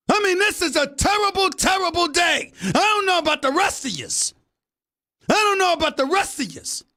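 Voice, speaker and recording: A middle-aged man hosting a sports talk show in a studio booth, delivering an exasperated, shouting rant. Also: extremely high pitch. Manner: loud, exasperated ranting, shouting often. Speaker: show host. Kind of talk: ranting sports talk monologue.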